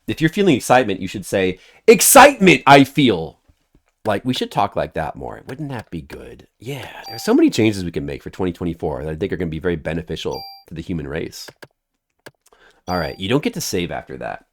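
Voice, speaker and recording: A man's voice: low-pitched, very animated, fast talker. A man streaming a video game who rambles in a goofy, joking way and talks to his chat. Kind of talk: casual game-stream chatter.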